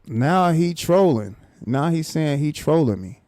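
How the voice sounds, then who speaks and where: A man's voice: a little high, expressive, measured pace, a little mellow, dry recording, studio quality. A man hosting a live stream, casually reacting to a clip with exasperated, repetitive disbelief and chuckles. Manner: exasperated, repeats himself, laughs in disbelief.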